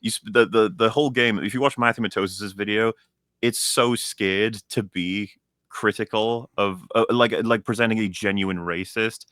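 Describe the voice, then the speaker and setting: A man's voice: lowish voice, fairly even intonation, normal speed, fairly bright tone, no echo, studio quality. A young man ranting in a casual show chat, heated and profane, often restarting his sentences. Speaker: co-host.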